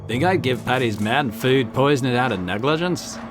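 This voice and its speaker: A man's voice: mid-range voice, expressive, normal speed, music in the background, lightly acted. A man reading a testy pub barman. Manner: prickly, defensive. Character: touchy male pub barman, defensive. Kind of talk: video game voice reading.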